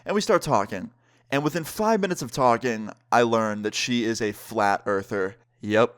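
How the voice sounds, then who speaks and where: A young man telling a personal story in a casual, animated way, with lots of filler words. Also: medium pitch, moderate pace. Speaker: vlogger. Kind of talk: storytime vlog.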